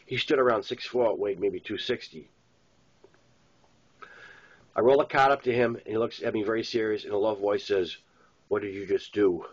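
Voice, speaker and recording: A man narrating his own novel in first person, steady and plain. His voice is fairly low, and the recording sounds slightly dull and muffled. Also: normal speed, long pauses.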